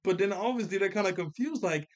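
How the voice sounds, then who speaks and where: A young man giving a casual, animated episode review, slangy and laughing often as he recaps. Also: high voice, quick pace, lo-fi sound. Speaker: cartoon reviewer.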